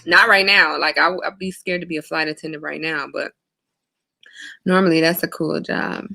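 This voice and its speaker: Bright-voiced woman chatting on a livestream. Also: low-pitched, steady tone, vocal fry. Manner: chatty, greets viewers by name, drawn-out hellos. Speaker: livestream host. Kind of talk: casual livestream chat.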